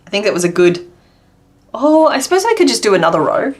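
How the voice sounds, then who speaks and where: A woman's voice: medium pitch, very animated, fast talker. A woman hosting a casual crochet livestream, chatting and making puns as she works. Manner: chatty, answers chat and makes puns while working.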